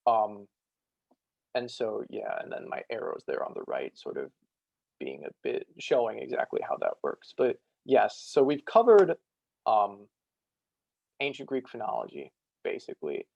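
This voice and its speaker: A young man giving a casual student presentation over a video call, full of fillers, slowing to demonstrate sounds. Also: on the low side, very animated, vocal fry, darkish tone, dry recording, rough recording. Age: young adult. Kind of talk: online lecture on ancient Greek pronunciation.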